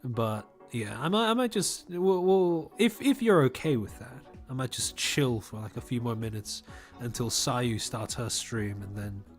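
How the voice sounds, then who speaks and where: A young Australian man with a polished accent and crisp enunciation, talking casually to his stream audience. His mid-range voice swoops around animatedly, and he laughs and restarts his sentences often. Faint music plays quietly underneath. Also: mid-range voice, expressive, unhurried. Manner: rambling, laughs often, repeats words as he starts sentences. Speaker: livestreamer. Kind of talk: casual livestream chat, reading chat.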